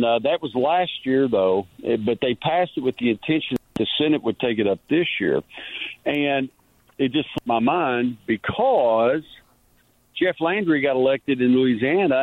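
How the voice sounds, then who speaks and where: A man calling in as a guest journalist on a radio show, telling stories in a rambling, animated way over the phone. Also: medium pitch, unhurried, dry recording. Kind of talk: casual radio chat. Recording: tinny dry phone line.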